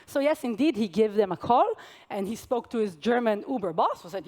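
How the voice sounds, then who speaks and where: A young woman delivers a conference keynote in a fairly high voice. She keeps it conversational, throwing jokes and asides to the audience between her points. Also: lively intonation, brisk, warm tone. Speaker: keynote speaker. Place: large conference hall stage.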